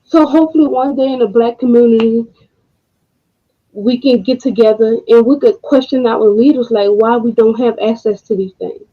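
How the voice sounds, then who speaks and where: A woman co-hosting an online talk stream, speaking with frustration and halting pauses, close to tears, with blunt profanity. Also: a little high. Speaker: co-host. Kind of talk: emotional commentary. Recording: dull lo-fi home recording.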